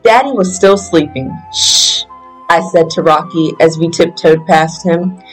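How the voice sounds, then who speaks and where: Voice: mid-range voice, normal speed, husky, soft background music, low-quality recording. A reader giving a children's picture book a plain first-person reading. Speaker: storyteller.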